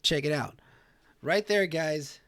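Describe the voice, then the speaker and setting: A man's voice: on the high side, takes it slowly, fairly bright tone, no room sound. A man co-hosting a role-played talk show, joking around, repeating himself and giggling.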